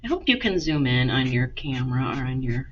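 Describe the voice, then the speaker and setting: A woman's voice: very deep voice, big pitch swings, fairly quick, highs cut off. A woman art teacher giving a casual, encouraging drawing lesson to kids and talking straight to her students. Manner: chatty, encouraging, talks to students directly.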